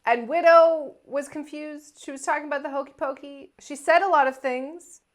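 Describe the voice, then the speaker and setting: High-voiced chatty woman reviewer. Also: normal speed. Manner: chatty, acts out quotes in put-on voices. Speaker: podcast co-host. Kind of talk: casual review chat.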